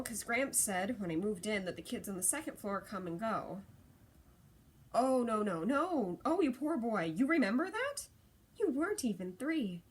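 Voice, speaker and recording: A woman's voice: mid-range voice, slight background noise, close to an everyday voice. A woman doing a fussy, tender old granny. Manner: prim, scolding then tender. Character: fussy, loving elderly great-aunt.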